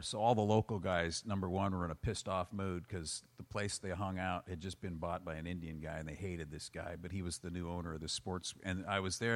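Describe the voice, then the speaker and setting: A man in casual chat, telling stand-up comedy road stories with animated delivery. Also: low voice. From United States. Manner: animated storyteller, acts out loud quoted yelling.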